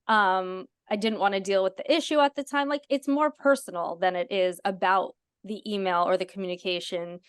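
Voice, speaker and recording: A woman's voice: medium pitch, smooth, no room sound, clean studio sound. A woman hosting a podcast, telling stories animatedly with many "like" fillers. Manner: animated storyteller, lots of "like" fillers. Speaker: podcast host. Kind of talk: casual chat.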